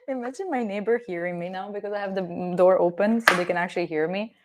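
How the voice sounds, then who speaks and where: A woman's voice: mid-range voice, fast, very noisy. A young woman with an Italian accent, chatting casually and playfully with her live-stream viewers while she cooks at home, swearing now and then. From Italy. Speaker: livestreamer. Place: home kitchen with door open.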